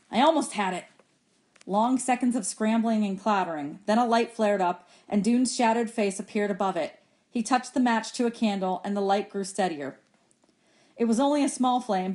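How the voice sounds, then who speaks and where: A woman reads a children's novel aloud for her students. Her voice sits in an ordinary middle range. She reads with expression and raises her pitch when the characters speak. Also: a little mellow. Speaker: teacher reading aloud to students. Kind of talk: audiobook chapter reading.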